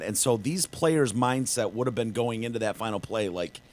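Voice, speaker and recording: A man's voice: lowish voice, normal speed, few pauses. A man hosting a casual podcast, talking sports in a rambling, chatty way. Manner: rambling, chatty, many fillers and restarts. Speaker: podcast host.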